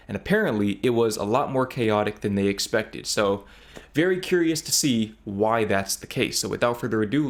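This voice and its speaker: Chatty American man reacting to a video. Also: medium pitch. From United States. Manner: chatty, reflective, thinking aloud. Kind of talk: casual commentary.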